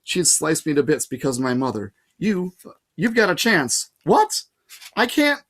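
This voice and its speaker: A man reading aloud and voicing a clever, bossy teenage girl who speaks briskly and insistently. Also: on the high side, very animated, a bit bright, exaggerated voice. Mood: urgent, insistent.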